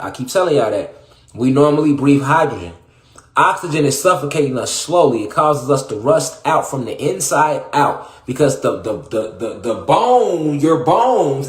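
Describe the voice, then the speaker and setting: A man delivering a rambling, preachy comedic monologue, repeating himself and swearing often, getting louder as he goes. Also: on the high side, echoey room. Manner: preachy, repetitive, profane, rising to shouts. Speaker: comedic conspiracy monologue performer.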